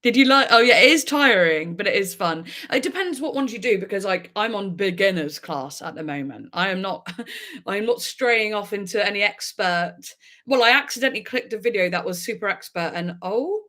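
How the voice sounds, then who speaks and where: A woman hosting a casual live stream chat, telling stories in an animated way and laughing often. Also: medium pitch, a little fast. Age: adult with a daughter.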